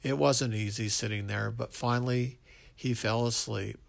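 Gravelly man reading a story aloud. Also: medium pitch, fairly even intonation, moderate pace. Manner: unpolished reading with slips and restarts. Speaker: narrator.

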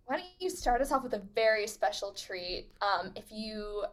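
A woman's voice: medium pitch, lively intonation, moderate pace. A woman hosting a podcast, opening the show in an upbeat, chatty way. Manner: bright, upbeat host intros. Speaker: podcast host. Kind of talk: casual chat.

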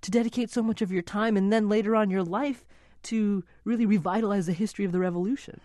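Radio interviewer guy, mellow voice, bit high, dry close mic. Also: steady tone, fast talker, no echo. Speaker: interviewer host.

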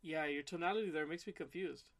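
A young man with a somewhat high voice, co-hosting a podcast in loose, animated chat. He teases his partner and gets excited quickly. The sound is dry and close to the mic. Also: no echo. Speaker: podcast co-host. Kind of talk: casual chat.

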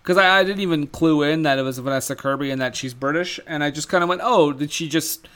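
A man's voice: on the high side, fast, a bit bright, clean tone. A man co-hosting a podcast, chatting casually about a movie, hesitant and full of 'like'. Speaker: podcast co-host. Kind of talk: casual movie-discussion chat.

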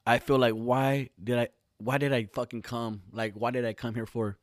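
A man spins a comic story for his podcast, cursing constantly and doubling back on himself as he talks. His voice sits in an ordinary middle pitch. It is recorded close and dry, with no room echo. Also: level tone, moderate pace. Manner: rambling, heavy swearing, frequent restarts. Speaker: podcast host. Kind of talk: casual comedic storytelling. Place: lives in Southern California.

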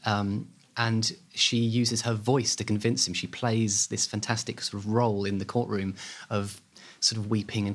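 Man telling history animatedly. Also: lowish voice. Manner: animated storytelling, hesitant fillers. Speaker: author and historian guest. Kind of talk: podcast interview.

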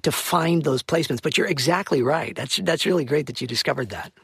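Voice actor guest, American man, husky, dry close sound. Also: fairly high pitch, a little fast, no echo. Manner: animated, slips into voice demos. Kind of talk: casual podcast conversation.

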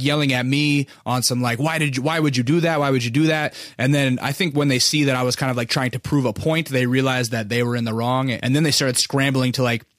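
A man's voice: medium pitch, fairly bright tone, no echo, clean studio sound. A young man hosting a podcast, telling a personal story in a candid, casual way, swearing freely and full of fillers. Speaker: podcast host.

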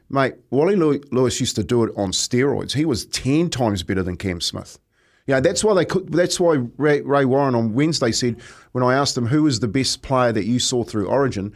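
A man's voice: mid-range voice, brisk. A middle-aged man, co-hosting breakfast radio and telling stories with frequent laughs. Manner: chatty storyteller, laughs often. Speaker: radio co-host. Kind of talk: casual breakfast radio banter.

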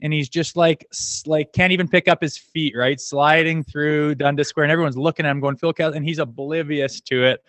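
A man's voice: on the high side, steady tone, fairly quick, hardly any pauses, fairly bright tone, no echo. A middle-aged man, a former hockey player guesting on a podcast, telling loose stories with laughs and frequent swearing. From Canada. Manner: laid-back, laughing, swears freely. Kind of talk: casual storytelling.

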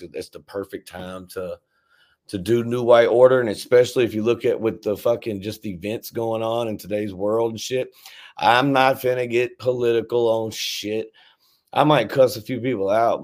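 Here a lowish, slightly mellow male voice belongs to a rapper from Memphis, Tennessee appearing as a podcast guest. He chats casually, spinning long stories, swearing heavily and restarting often.

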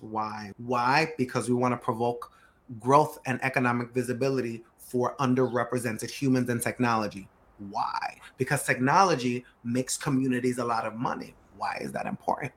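A man who runs a growth firm for startups, telling stories on a podcast with lively energy, acting out quotes and hammering key words through repetition. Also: mid-range voice, a little fast, a little hiss or hum. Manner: animated storyteller acting out quotes; emphatic, repeats key words. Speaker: startup growth CEO guest. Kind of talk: podcast interview conversation.

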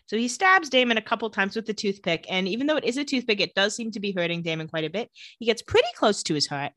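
A woman's voice: medium pitch, lively intonation, fast talker, hardly any pauses, pushed and bright, no echo. A woman co-hosting a podcast, casually recapping a TV episode and acting out the characters' lines in playful voices. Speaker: podcast co-host recapping a TV show. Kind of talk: casual chat.

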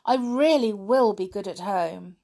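A woman's voice: medium pitch, measured pace, vocal fry, darkish tone, pitched above the performer's own voice. A woman voicing a spoilt, defiant little girl, pouting and wheedling for a storybook reading. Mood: pleading.

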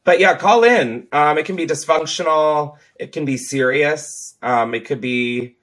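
A podcast host wearing headphones chats casually with callers, joking and swearing in a profane, animated way. His voice is a little high and unhurried.

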